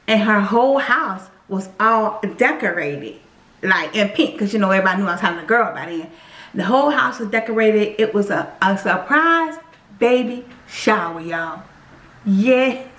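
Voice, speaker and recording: A woman telling her own story to viewers in a casual, animated way, often speaking to them directly. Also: medium pitch. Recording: echoey room.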